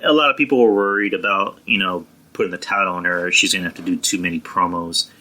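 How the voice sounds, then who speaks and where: A man's voice: low-pitched, quick pace, bright, forceful tone, poor audio. A young man reviewing a wrestling show on his podcast, rambling and blunt, with frequent restarts, fillers and swearing. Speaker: podcast host.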